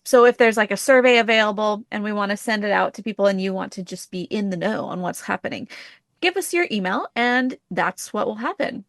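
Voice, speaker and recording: A woman's voice: mid-range voice, fairly bright tone, no room sound, clean studio sound. A woman co-hosting a podcast, chatting in an upbeat, easygoing way and laughing easily. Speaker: podcast co-host. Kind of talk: casual podcast chat.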